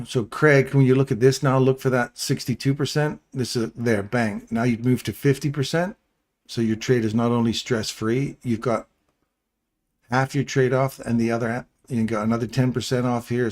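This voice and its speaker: A man's voice: mid-range voice, darkish tone. A middle-aged man hosting a live stream, talking viewers through trades in a chatty, rambling, jokey coaching way. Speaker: trading stream host. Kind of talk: casual live trading walkthrough.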